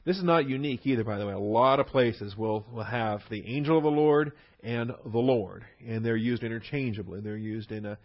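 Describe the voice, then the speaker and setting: A man's voice: mid-range voice, a little fast, hardly any pauses, dull audio. A man teaching through a Bible passage verse by verse, leaning hard on key words between fillers and restarts.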